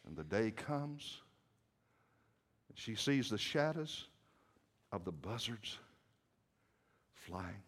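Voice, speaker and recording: A man preaching a dramatic sermon as a story, swinging from hushed murmurs to shouts. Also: on the low side, sing-song, slow pace, long pauses. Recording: echoey hall with long reverb.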